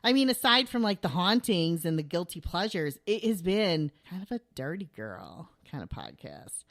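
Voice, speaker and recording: A woman's voice: lowish voice, big pitch swings, normal speed, a bit bright. A woman co-hosting a podcast in a studio, chatting casually, swearing freely and laughing easily. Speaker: podcast co-host. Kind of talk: casual chat.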